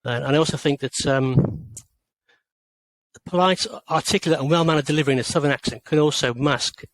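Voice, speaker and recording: A man's voice: on the high side, fairly quick, slight background noise, rough recording. Hesitant English man in his sixties. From rural England. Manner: hesitant, many fillers and restarts. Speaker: author, guest. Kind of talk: interview.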